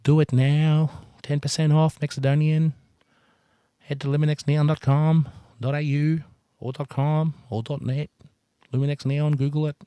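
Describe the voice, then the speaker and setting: Dark, smooth man reading a quick ad. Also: level tone, no room sound. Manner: upbeat, slangy pitch. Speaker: podcast host reading a sponsor ad. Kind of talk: casual sponsor read.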